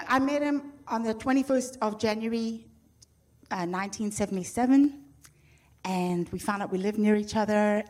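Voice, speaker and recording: An older woman from Zimbabwe shares her life testimony before an audience. Her voice sits at an ordinary middle pitch, and she tells the story in an animated way, with candid, self-teasing humor. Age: 60s. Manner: animated storyteller who acts out quoted voices; frank and self-mocking humor. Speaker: speaker sharing her testimony. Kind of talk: personal testimony told to an audience.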